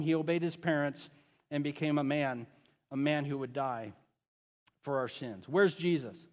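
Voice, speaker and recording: A man's voice: a little high, big-room sound. A pastor preaching a sermon to his congregation in a casual, conversational way, often joking with the kids and parents.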